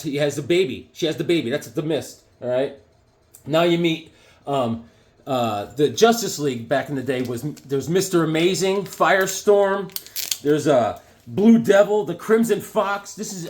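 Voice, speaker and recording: A man talking casually and excitedly, rambling through his collection with lots of fillers and restarts. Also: fairly high pitch, moderate pace, a little hiss or hum. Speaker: comic book collector reviewing issues. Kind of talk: casual show-and-tell vlog.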